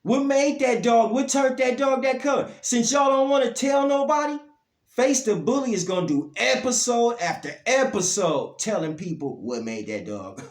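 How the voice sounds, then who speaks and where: A man, ranting bluntly about dog breeding, his voice swinging from low grumbles to loud outbursts. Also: expressive, moderate pace, reverberant. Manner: blunt, profane, heated, pitch and loudness swinging up and down. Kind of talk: ranting monologue to camera.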